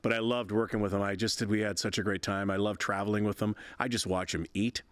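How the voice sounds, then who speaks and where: A man's voice: on the low side, level tone, fast, clean tone, dry recording. A man in his sixties, a veteran broadcaster and interview guest, telling stories in a chatty, rambling way with frequent laughs and restarts. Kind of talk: casual interview storytelling.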